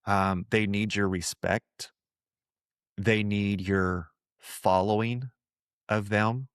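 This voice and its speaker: Earnest low-voiced man talking about faith. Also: fairly even intonation, slow, clear, resonant tone, dry recording, clean studio sound. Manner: puts on voices to quote people; earnest, conversational, repeats himself. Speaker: podcast host. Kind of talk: reflective faith talk.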